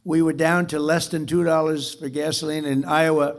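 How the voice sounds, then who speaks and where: Gravelly man rambling through a speech. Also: fairly high pitch, little pitch movement, normal speed. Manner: rambling, repetitive, boastful. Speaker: dinner speaker. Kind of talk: off-the-cuff political speech. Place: club dinner event.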